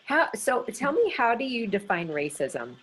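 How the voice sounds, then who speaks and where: A woman's voice: fairly high pitch, big pitch swings, normal speed, fairly bright tone, husky, poor audio. A woman storyteller in casual conversation, asking thoughtful questions.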